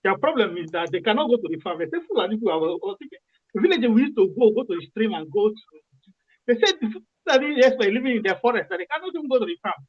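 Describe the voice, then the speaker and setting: A man's voice: sits high, very animated, fast, no echo, lo-fi sound. A Nigerian man calling in to a radio discussion, impassioned and repeating himself, restarting phrases as he argues. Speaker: caller.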